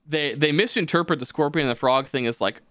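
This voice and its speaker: A man's voice: fairly high pitch, fast, fairly bright tone, clean tone, no room sound. A man co-hosting a podcast, rambling casually with lots of swearing and fillers. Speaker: podcast co-host.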